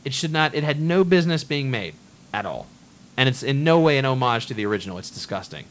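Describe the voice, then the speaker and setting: A man's voice: mid-range voice, big pitch swings, fast, fairly bright tone. Blunt ranting man. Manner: ranting, blunt, swears freely. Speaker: podcast host. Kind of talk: casual movie chat.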